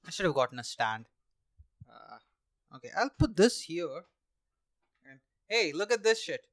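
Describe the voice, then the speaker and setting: A man's voice: a little high, big pitch swings, measured pace, a bit bright, no room sound, studio quality. A young man from India hosting a solo podcast at home, rambling sarcastically with swearing and laughs while drinking. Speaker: podcast host. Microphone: handheld mic.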